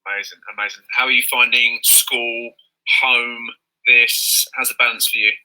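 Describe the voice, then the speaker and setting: A man hosts a live online lesson over a video call. His voice is very bright at a middle pitch. He chats casually with an upbeat, enthusiastic manner. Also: steady tone, moderate pace, poor audio. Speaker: host. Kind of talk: casual chat.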